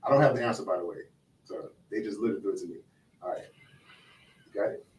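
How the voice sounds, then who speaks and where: A man's voice: fairly low pitch, quick pace. A man hosting a podcast in casual chat, slangy and checking in with "right?" as he talks. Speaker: podcast host. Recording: echoey room, mic at a distance, faint noise.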